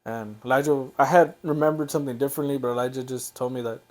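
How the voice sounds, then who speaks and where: A young man hosting a podcast, recalling a painful family memory in a halting, emotional way. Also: mid-range voice, steady tone. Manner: halting, emotional, soft-spoken. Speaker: podcast host. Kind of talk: emotional personal storytelling.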